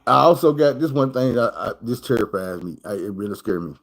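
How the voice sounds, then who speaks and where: A man's voice: medium pitch, brisk, rough recording. A man casually telling a story in loose, profane street talk, acting out the people in it. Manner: animated, acts out the people in his story. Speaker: streamer.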